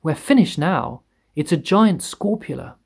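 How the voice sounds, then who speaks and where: A man's voice: medium pitch, normal speed, gravelly, close to an everyday voice. A man doing a panicky, screaming fire chief. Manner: screaming, fearful and snappish.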